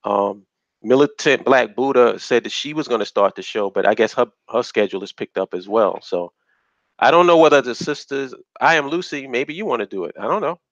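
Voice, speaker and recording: A man's voice: mid-range voice, expressive, brisk, a bit bright, no room sound. Guy ranting on his live stream, blunt and rambly, dry dull lo-fi mic sound. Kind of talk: casual live stream rant.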